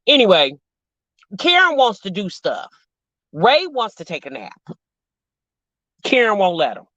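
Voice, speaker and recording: A woman's voice: medium pitch, wildly swooping pitch, unhurried, fairly bright tone, dry recording. A woman hosting a casual chat stream, sassy and talkative. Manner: chatty, sassy, addresses viewers as sis and y'all. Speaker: show host reacting to reality TV. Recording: dull lo-fi dry sound.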